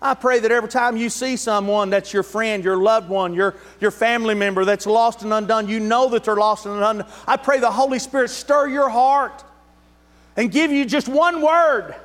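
A man preaches in a strikingly high voice, fervent and building to shouts, with joking asides between points. His sermon rings through a church hall with a long, trailing reverb. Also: steady tone, moderate pace. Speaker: pastor. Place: church sanctuary.

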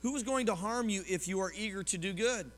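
A high-pitched, bright-toned pastor preaching a lively sermon. He tells personal stories and puts questions to his listeners. His voice carries a long reverb, as if in a large church sanctuary. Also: fairly quick. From Oklahoma, US.

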